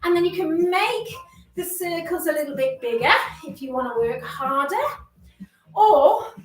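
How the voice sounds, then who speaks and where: A woman leading an exercise class in a very high voice, cheering people on with a steady, unhurried delivery. She sounds slightly out of breath from moving along with the class. The recording is roomy and picked up from a distance, with faint music behind her. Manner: upbeat, encouraging, chatty with self-deprecating jokes. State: a bit out of breath while exercising. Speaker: exercise instructor. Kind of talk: live workout class instruction.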